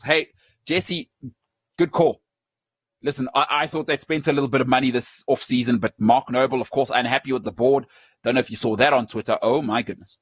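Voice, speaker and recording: A man's voice: medium pitch, normal speed, husky, dry recording. A South African man hosting a sports talk show, chatty and opinionated, wandering into side stories and laughing at himself.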